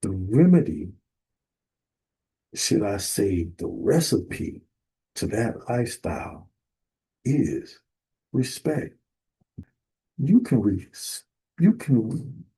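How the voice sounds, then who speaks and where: Man sermonizing slow and husky, big swings up when he drives a point home. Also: on the low side, mellow, rough recording. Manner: emphatic, rising to bursts of force. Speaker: minister. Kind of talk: preaching sermon.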